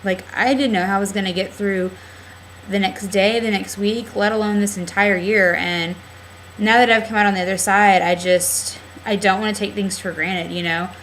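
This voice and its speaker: A woman's voice: medium pitch, steady tone, moderate pace, a bit bright, slight background noise, rough recording. A young adult woman talking candidly in a casual video diary on a webcam, rambling with lots of fillers. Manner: rambling, candid, heavy use of "like" and "um". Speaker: vlogger.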